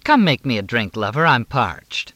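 A man's voice: medium pitch, sing-song, moderate pace, pushed and bright, dry recording. Man doing a gushing older Southern belle actress.

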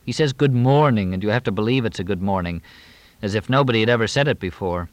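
A man's voice: lowish voice, fast talker, no room sound, lightly acted. A man reading an audiobook, voicing a weary, unhappy young actress in a raised, lighter tone.

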